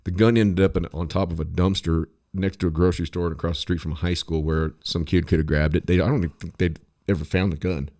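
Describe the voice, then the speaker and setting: A man's voice: low voice, fairly even intonation, quick pace, hardly any pauses, a little mellow. A man ranting bluntly in casual podcast chat, swearing freely. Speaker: podcast co-host.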